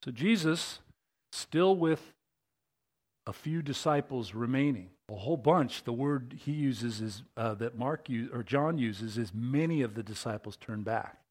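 A man preaching a sermon, conversational and animated, often asking his listeners questions. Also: mid-range voice, unhurried. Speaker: pastor.

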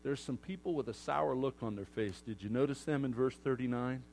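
A man preaching a sermon to his congregation in a lively way, acting out crowd voices and moving from loud outbursts to hushed asides. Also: mid-range voice, brisk, gravelly, a little hiss or hum. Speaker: pastor.

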